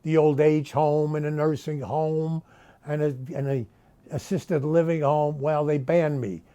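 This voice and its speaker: Older stand-up comic, Brooklyn-born man, deadpan delivery, mellow and fairly high voice. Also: a little slow, clear, resonant tone, lo-fi sound. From Brooklyn, New York. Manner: deadpan joke-telling with put-on voices for characters. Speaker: stand-up comedian. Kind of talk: stand-up comedy.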